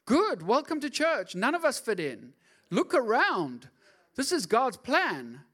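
A middle-aged man preaching a lively, joking sermon as pastor, often acting out voices in his stories. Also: very high voice, slow pace. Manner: animated, jokey, acts out voices.

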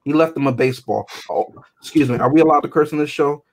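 A man co-hosting a podcast in casual chat, animated and joking with exaggerated outbursts. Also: on the high side, fast talker. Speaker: podcast co-host.

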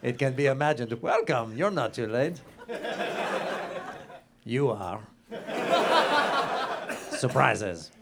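A man's voice: expressive, takes it slowly, pauses often, heavy background noise. A man voicing a lecherous, pompous French nobleman with a put-on French accent and broken English, reading aloud theatrically. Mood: dramatic reading. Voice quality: broken English, florid and lip-smacking. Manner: reads aloud theatrically, switching to a high pleading voice for the victim. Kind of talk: improvised comedy podcast character.

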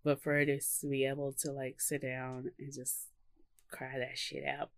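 A woman's voice: extremely low pitch, little pitch movement, moderate pace, creaky. A woman co-hosting a podcast in casual chat, laughing often and filling her speech with ums and likes. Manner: chatty, laughs often, many fillers. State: hiccups. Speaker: podcast co-host.

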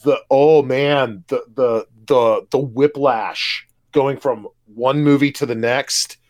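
A man's voice: medium pitch, steady tone, slow, darkish tone. A man chatting casually as a podcast co-host, enthusiastic and full of restarts and swearing. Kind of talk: casual movie chat.

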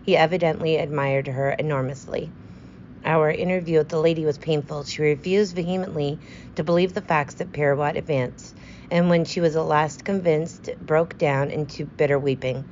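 A woman narrates a story in a steady, measured reading voice. Her pitch sits low. The recording sounds slightly dull, with a faint hiss underneath. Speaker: audiobook narrator. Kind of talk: scripted narration.

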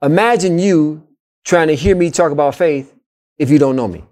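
A man co-hosting a faith talk, retelling Bible stories in a lively, colloquial, preacher-like way and repeating his points. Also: fairly high pitch, normal speed. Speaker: co-host and Bible teacher. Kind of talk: animated faith discussion with storytelling.

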